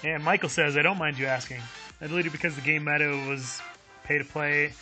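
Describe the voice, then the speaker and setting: Man, game streamer, very bright sharp tone, slightly high pitch, friendly chatty, chuckling, reading chat aloud. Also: steady tone, a little fast, soft background music, rough recording.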